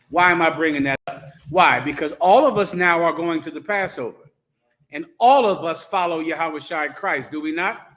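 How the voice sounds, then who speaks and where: Stern, high-voiced male preacher scolding. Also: a bit bright. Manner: blunt and crude. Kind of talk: sermon.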